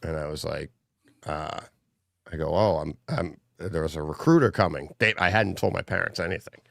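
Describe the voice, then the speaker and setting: A man's voice: low-pitched, moderate pace, creaky, dry recording, clean studio sound. A middle-aged man, a podcast guest, telling rambling family stories in casual chat and laughing as he goes. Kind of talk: casual storytelling.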